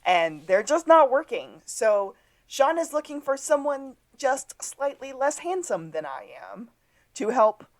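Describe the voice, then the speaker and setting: Brief: woman podcast co-host, very animated pitch, dry jokes slipped in. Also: a little slow. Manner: lively and wry, drops jokes into the recap. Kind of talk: casual rewatch podcast recap.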